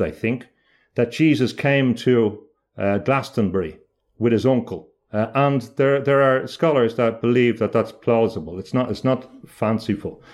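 A man speaking as an interview guest, explaining ideas in a reflective, halting way, often restarting mid-phrase with small pauses. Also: mid-range voice, a little mellow.

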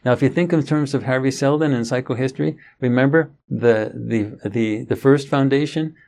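A man's voice: medium pitch, moderate pace, gravelly, darkish tone. A middle-aged man giving an interview, telling a long story in a rambling way with frequent restarts. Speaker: interview guest. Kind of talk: conversational storytelling.

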